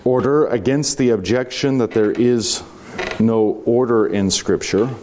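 A man teaching a class, reading passages aloud and commenting on them in a measured, conversational way, slowing down for emphasis. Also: mid-range voice, darkish tone, slight background noise. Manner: measured and reflective, with slow emphatic stretches; conversational, with fillers and restarts. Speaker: teacher leading a reading of a philosophy text.

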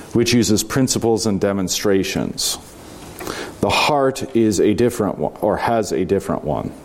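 A man teaching a class, reading passages aloud and commenting on them in a measured, conversational way, slowing down for emphasis. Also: fairly low pitch, darkish tone. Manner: measured and reflective, with slow emphatic stretches; conversational, with fillers and restarts. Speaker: teacher leading a reading of a philosophy text.

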